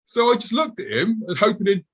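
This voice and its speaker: A man's voice: high-pitched, big pitch swings, fairly quick, a bit bright, slightly rough, rough recording. A man, a guest on the show, vividly recounting a personal encounter and acting out his own past thoughts as he goes.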